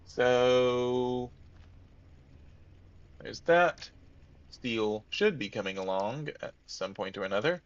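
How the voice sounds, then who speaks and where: A man's voice: mid-range voice, animated, slow, pauses often, no echo, lo-fi sound. A man casually commenting on his gameplay, thinking aloud and muttering to himself as he plays. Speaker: let's-play gamer.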